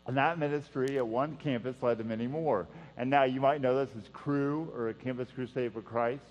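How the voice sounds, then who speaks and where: A man preaching a sermon in an earnest style, repeating key phrases and dropping to a hush for emphasis. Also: mid-range voice, fairly even intonation, normal speed. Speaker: pastor. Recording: dull sound with long hall reverb and mains hum.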